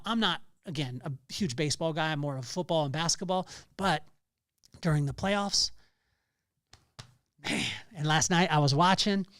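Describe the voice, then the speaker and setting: A middle-aged man hosting a casual solo podcast, telling stories with bursts of excitement and a lot of fillers and restarts. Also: on the high side, no room sound, clean studio sound. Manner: animated storytelling with bursts of excitement. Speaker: podcast host.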